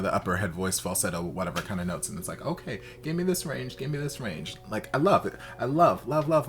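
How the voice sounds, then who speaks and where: A man hosting a reaction video in casual, campy commentary, leaping into high exaggerated exclamations. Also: a bit bright.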